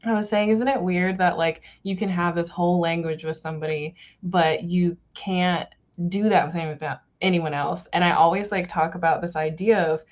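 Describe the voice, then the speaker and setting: A woman's voice: lowish voice, fairly even intonation, normal speed, few pauses. Musing young woman, muffled audio. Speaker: friend in the chat. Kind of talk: casual chat.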